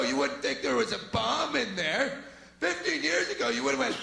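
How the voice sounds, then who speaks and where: A man doing a stand-up routine, animated and shouting his punchlines. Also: very high-pitched, normal speed, vocal fry, background noise. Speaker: stand-up comedian. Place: comedy club stage. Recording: echoey club recording with loud crowd.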